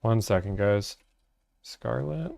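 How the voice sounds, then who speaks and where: A man's voice: on the low side, animated, slow pace, gravelly, a little mellow, no room sound, clean studio sound. A young man hosting a casual livestream, reading viewer chat aloud and answering in a laid-back, chatty way.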